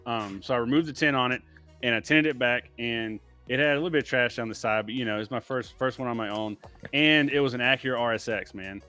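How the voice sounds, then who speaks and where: A man's voice: medium pitch, fast, sharp tone, soft background music. Laid-back man dropping "man" everywhere. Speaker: guest, window tinter. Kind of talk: casual livestream chat.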